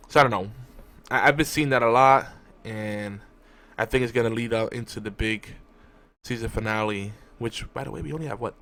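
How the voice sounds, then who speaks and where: A man talking casually as a podcast host, recapping a TV episode with lots of restarts and asides. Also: a bit bright. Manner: rambling, with frequent restarts and fillers; talks to his cat in a high cooing voice. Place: home room at a desk.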